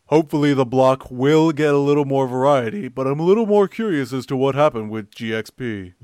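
A man putting on a squeaky, girlish voice for a young male fan, rambling and indignant. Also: a little fast, darkish tone, smooth, dry recording, studio quality, close to an everyday voice. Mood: whiny indignant.

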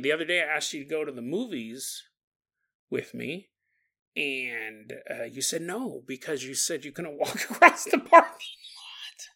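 A man's voice: fairly high pitch, very animated, measured pace, creaky, pauses often, pushed and bright. A man hosting a paranormal podcast in a casual, rambling comedic monologue, laughing often and acting out the voices he quotes. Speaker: podcast host.

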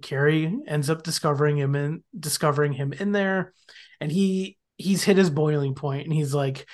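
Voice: medium pitch, normal speed, a little mellow. A podcast host in casual chat, recapping an episode animatedly, laughing often and acting out quoted lines.

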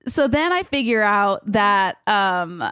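A young woman telling a story in a rambling, animated way on a casual podcast, full of "like" and restarts. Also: medium pitch, slow, clear, resonant tone, dry recording, clean studio sound. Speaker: podcast co-host.

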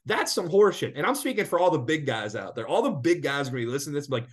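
A man co-hosting a casual podcast, ranting with lots of swearing and animated outbursts. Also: fairly high pitch, rapid-fire. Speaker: podcast co-host. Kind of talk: casual sports betting podcast chat.

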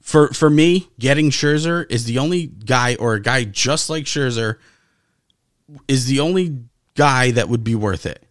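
A man's voice: mid-range voice, unhurried, no room sound, clean studio sound. A man co-hosting a casual sports podcast, talking emphatically and swearing often. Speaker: podcast co-host.

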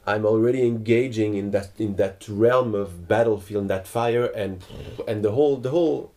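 A man's voice: lowish voice, moderate pace, dark tone. A man asking a teacher questions in a spiritual dialogue, hesitant and searching for words, with many restarts.

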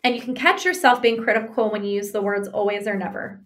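A woman's voice: medium pitch, fast talker. A woman, in the role of a relationship counselor, explaining couples advice conversationally, acting out example arguments and often checking in with "right?". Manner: animated, acts out example arguments.

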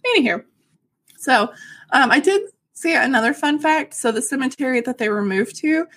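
A woman from Arkansas chats on a podcast, spinning stories with sarcastic asides. Her voice sits a little high, with a gravelly, husky edge. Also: lively intonation, moderate pace, a bit bright. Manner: chatty storyteller, sarcastic asides, frequent laughs. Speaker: podcast co-host. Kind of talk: casual chat.

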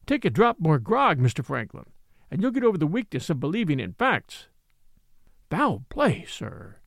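A man's voice: a little high, huge pitch swings, moderate pace, gravelly, a bit bright, no echo, studio quality, heavily acted. A man voicing a loyal elderly male house steward, speaking earnestly and confidentially. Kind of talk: audiobook character reading.

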